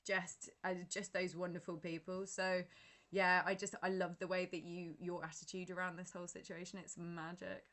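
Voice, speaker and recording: A woman's voice: fairly low pitch, flat delivery, normal speed, a bit bright. A woman hosting an interview, chatty and encouraging, with many fillers as she asks questions. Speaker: host.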